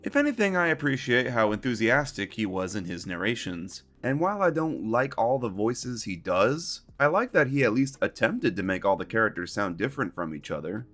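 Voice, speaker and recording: A man's voice: mid-range voice, very animated, normal speed, few pauses, fairly bright tone, soft background music. A man narrating a scripted retrospective commentary, opinionated and wry.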